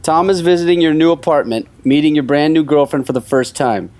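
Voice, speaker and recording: A man's voice: a little high, brisk, a little mellow. A man co-hosting a podcast, reading out quiz questions in a dry, teasing way. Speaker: podcast co-host.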